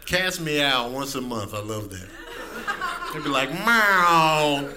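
A man doing a stand-up comedy set with a laid-back, drawling delivery and low asides. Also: lively intonation, a little slow. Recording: noisy live club recording.

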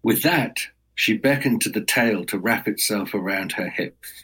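A male storyteller telling a folk tale in a measured, dramatic way. He speaks slowly, letting each phrase land. His voice has a husky grain. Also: fairly low pitch, pushed and bright, poor audio. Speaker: storyteller guest.

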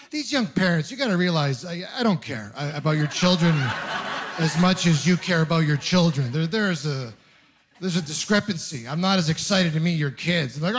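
A man's voice: a little high, lively intonation, normal speed. A man from Ontario performing a stand-up comedy routine, telling self-deprecating stories with punchy timing. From Ontario, Canada.

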